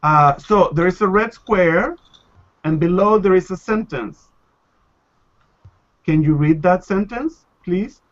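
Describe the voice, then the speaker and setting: A male Spanish teacher leading a live online class, speaking slowly and patiently, repeating words to model pronunciation. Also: high voice, a bit bright, lo-fi sound. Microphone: video call.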